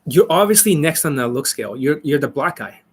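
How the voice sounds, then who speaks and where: A man's voice: on the high side, expressive, brisk, breathy edge. A man coaching on a live stream, answering viewers in a blunt, profane, rambling way. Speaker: dating coach.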